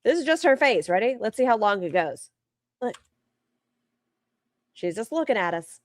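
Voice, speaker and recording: A woman's voice: on the high side, very animated, moderate pace, no room sound. A woman streamer giving casual, sarcastic commentary while reacting to a video and greeting her chat. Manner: sarcastic, teasing asides to chat.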